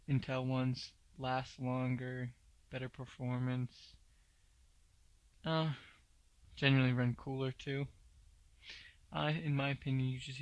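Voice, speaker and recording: A man hosts a tech news podcast in a casual, opinionated way and fills his talk with asides. His voice has a gravelly fry and stays fairly level in pitch. The recording is dry and close, with no room sound. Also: no room sound. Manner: opinionated, blunt, many fillers. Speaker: podcast host.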